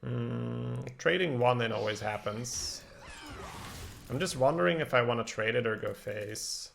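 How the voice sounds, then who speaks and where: A man's voice: medium pitch, a little slow, creaky, slight background noise. A man from Belgium, a game streamer chatting casually while thinking aloud about his plays and answering viewers. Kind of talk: casual live-stream commentary.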